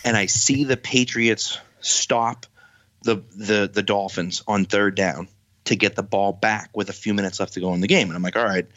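A man who is a guest on a casual podcast, telling stories in an animated, exasperated way. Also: on the low side, normal speed, dry recording. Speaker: podcast guest, football writer. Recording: dull dry lo-fi sound.

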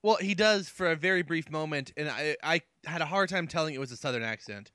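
A man co-hosting a casual movie chat, laid-back and deadpan in his jokes. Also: on the high side, a little fast, no room sound, studio quality.

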